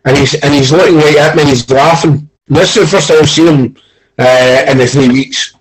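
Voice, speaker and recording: Lively Scottish man telling football stories. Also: a little high, brisk, low-quality recording. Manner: animated storyteller, acts out quoted arguments, swears. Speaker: football pundit, former coach. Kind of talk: casual football chat.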